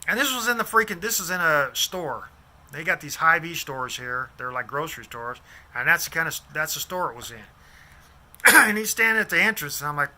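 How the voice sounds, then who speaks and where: Guy in his 50s rambling thru a story, kinda high voice, real sharp cutting tone. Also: moderate pace. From Des Moines, Iowa. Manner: rambling, loses names, restarts sentences. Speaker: vlogger.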